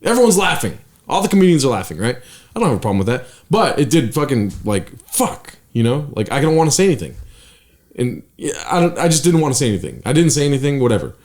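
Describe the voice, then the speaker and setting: At a quick pace and with a mid-range voice, a man who does stand-up and co-hosts a podcast tells an animated story in casual chat. Curses, filler words, and trailing sentences run through it.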